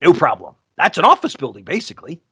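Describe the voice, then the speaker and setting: A man co-hosting a podcast, telling sales stories in a casual, animated way and acting out the people he quotes. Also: a little high, fast talker, slightly rough, no room sound. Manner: animated, acts out quoted voices. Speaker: podcast co-host. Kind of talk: casual storytelling chat.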